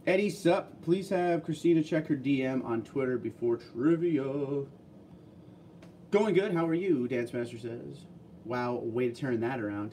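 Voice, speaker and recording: A man hosting a casual livestream, reading viewer comments aloud and chatting back in a relaxed way. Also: medium pitch, unhurried, recorded from a distance, a little hiss or hum.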